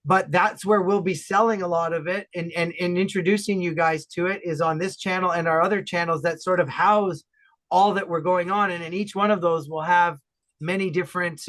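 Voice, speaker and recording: A man from Ontario, Canada, talking enthusiastically and loudly as a guest in a casual podcast chat. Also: high-pitched, normal speed. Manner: enthusiastic, animated, loud talker.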